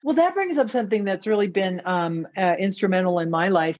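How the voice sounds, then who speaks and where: A woman's voice: mid-range voice, brisk, darkish tone. A woman hosting a podcast who reflects thoughtfully and laughs often. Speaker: podcast host. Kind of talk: conversational interview. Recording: dull lo-fi sound.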